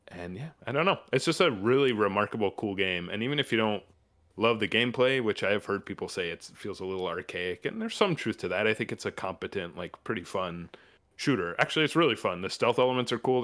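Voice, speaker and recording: Low-voiced man in enthusiastic casual chat. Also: fairly bright tone. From New Mexico, USA. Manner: enthusiastic, rambling, many fillers and restarts. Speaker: podcast host.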